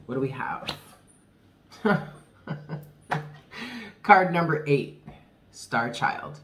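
A man's voice: fairly high pitch, fairly bright tone, a little hiss or hum. A man doing a casual tarot reading for viewers, chatty and candid, laughing often. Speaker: tarot reader.

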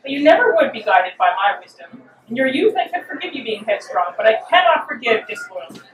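A sneering, imperious ancient goddess of deception, as a woman reading aloud puts her on, all mocking sing-song taunts. The voice sits fairly high and carries from a little way off the mic, through a roomy hall with a faint hum behind it. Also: big pitch swings, fairly quick, recorded from a distance. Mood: scolding.

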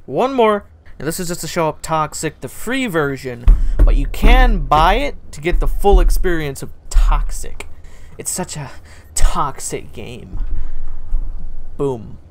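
A gaming channel host giving excitable gameplay commentary, swearing often and yelping at what happens in the game. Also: medium pitch, a little slow, a little hiss or hum. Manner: excitable, swears a lot, yelps and laughs at the game.

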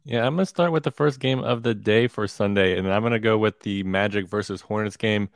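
Man, deep and smooth, relaxed chatty betting analyst. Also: fairly quick, no echo, studio quality. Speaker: sports betting show regular. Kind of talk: casual sports betting analysis.

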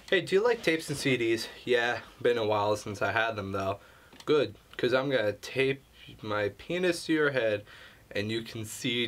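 A young man hosting a game let's play in a loose, casual way. He reacts to what he reads with sarcastic jokes and quick asides. His voice sits at an ordinary middle pitch for a man. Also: fairly bright tone. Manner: joking, sarcastic reactions, reads texts aloud. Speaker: gaming channel host.

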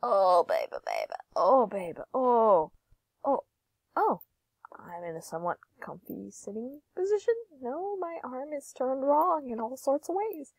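A woman's voice: high voice, very animated, unhurried, slightly rough, dry recording. A young woman giving giggly, playful gameplay commentary, sometimes singing or whispering. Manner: giggly, playful, drifts into sing-song and whispers. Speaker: gaming YouTuber.

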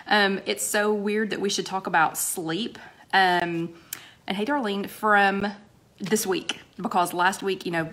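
A woman hosting a casual live-stream chat in a medium-pitched voice. She is chatty and upbeat, greeting her viewers by name one after another. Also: a bit bright.

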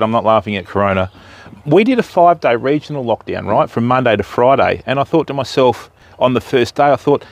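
Chatty Australian fishing streamer. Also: male voice, medium pitch, dry recording. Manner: jokey, chatty, greets viewers by name. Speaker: fishing livestream host. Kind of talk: casual live-stream chat. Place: outdoors by a river.

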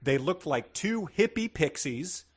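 A man co-hosts a podcast, chatting wryly and with amusement about a book and laughing often in this casual comedic discussion. His voice sits fairly high, with a sing-song lilt, a measured pace, and a husky quality.

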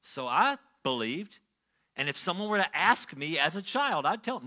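A middle-aged man preaching a sermon as a pastor, telling stories and swinging from quiet asides to loud, excited bursts. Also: fairly high pitch, normal speed.

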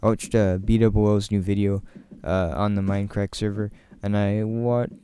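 A man's voice: on the low side, level tone, normal speed, mellow, clear, resonant tone. A man giving casual, chatty commentary while playing, joking and laughing often and rambling straight to his viewers. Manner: rambling, talks to viewers directly. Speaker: gaming channel host.

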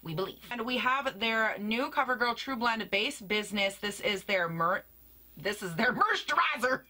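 A woman's voice: a little high, animated, moderate pace, pushed and bright. A woman beauty vlogger chatting casually in a camper, giggly and jokey, rambling between asides. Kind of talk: casual chat.

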